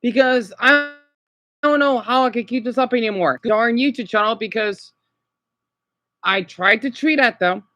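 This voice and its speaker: High, bright-voiced man, upset and halting. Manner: halting, repeats himself, frequent "okay?" tags. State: upset and exhausted. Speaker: vlogger livestreaming. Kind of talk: unscripted rambling livestream.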